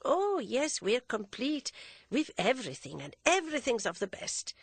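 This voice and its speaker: A woman voicing a gentle, modest elderly French nun who speaks slowly and carefully. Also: on the high side, big pitch swings, slightly rough, dry recording, pitched above the performer's own voice, heavily acted.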